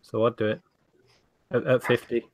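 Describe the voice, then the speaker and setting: A man's voice: mid-range voice, little pitch movement, moderate pace. Man on a noisy call. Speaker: reseller panelist. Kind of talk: casual live-stream chat.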